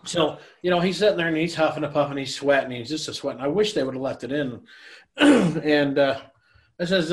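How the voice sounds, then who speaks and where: A man's voice: mid-range voice, fast talker. Rambling, cussing middle-aged man. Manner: rambling, laughing, swears freely. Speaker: guest on a podcast. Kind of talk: casual storytelling chat.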